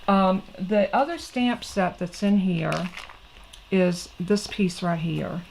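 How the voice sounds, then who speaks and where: A woman's voice: fairly low pitch, slow, creaky, a little mellow, a little hiss or hum, poor audio. A middle-aged woman, hosting a casual craft tutorial in a chatty, folksy way and talking straight to her viewers. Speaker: crafting channel host.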